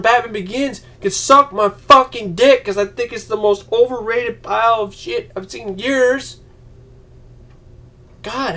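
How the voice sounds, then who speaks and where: A man vlogging an angry, profane movie rant, yelling and mocking other people's voices. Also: sits high.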